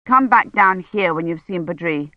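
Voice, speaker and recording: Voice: mid-range voice, lively intonation, normal speed, no room sound, lo-fi sound, close to an everyday voice. A reader voicing a tired, grey-haired woman doctor who speaks in clipped, worried phrases. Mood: weary.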